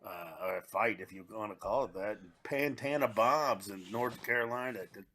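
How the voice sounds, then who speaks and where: A man hosting a podcast, telling a comedy-club anecdote in casual chat with quick asides. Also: fairly low pitch, fairly bright tone.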